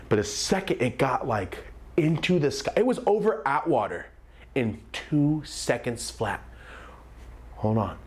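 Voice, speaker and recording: A young man telling a comedic story time, animated and acting out the voices of the people in it. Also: medium pitch. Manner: animated, acts out quoted voices.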